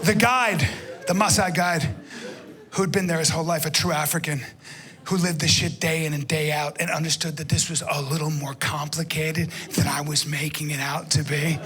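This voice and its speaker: A man in his fifties performing stand-up on a comedy club stage, telling a profane, animated story and often shouting into a handheld mic. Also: on the high side, moderate pace, soft background music. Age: 50s.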